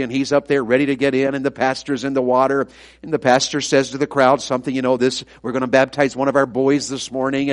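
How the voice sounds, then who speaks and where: A middle-aged man, an evangelist preaching a sermon full of folksy, self-deprecating family stories. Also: mid-range voice.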